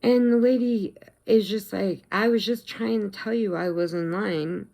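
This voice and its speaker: A middle-aged woman telling a story casually in her vlog, chatty and animated, acting out the quotes. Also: mid-range voice, unhurried, gravelly. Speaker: vlogger.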